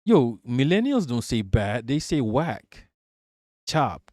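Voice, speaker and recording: A man's voice: mid-range voice, sing-song, slow pace, mellow, no echo, studio quality. Profane joking male streamer. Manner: profane, joking, reacts to chat aloud. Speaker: streamer reading chat. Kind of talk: casual live stream chat.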